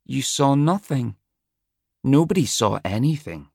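A man's voice: mid-range voice, expressive, measured pace, creaky, a little mellow, husky, dry recording, pitched above the performer's own voice, full character voice. A cold medieval knight barks orders and mocks with a lazy, sneering drawl, his voice raised above the reader's usual tone. A man acts him out. The sound is dry and close, like a storybook reading. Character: cold, mocking medieval male knight leader.

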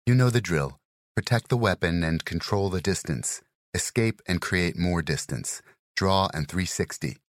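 A man puts on a woman police instructor in this audiobook, pitched up from his own deep register. She gives brisk, firm commands to her class. The sound is dry and close. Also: no room sound. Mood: firm instructive. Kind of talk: audiobook character voice.

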